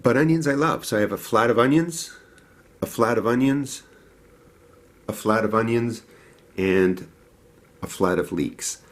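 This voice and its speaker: A man's voice: medium pitch, a little slow, long pauses. A middle-aged man with a New Jersey accent, hosting a casual, rambling gardening vlog indoors and then outside in the cold, laughing at himself now and then. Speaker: gardening channel host.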